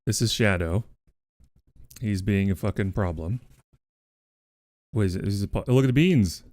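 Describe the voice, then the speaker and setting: A man's voice: on the low side, normal speed, a little mellow, dry recording. A male streamer in casual livestream chat, playful and casually swearing, cooing at his pets while he talks to viewers on a close desk mic.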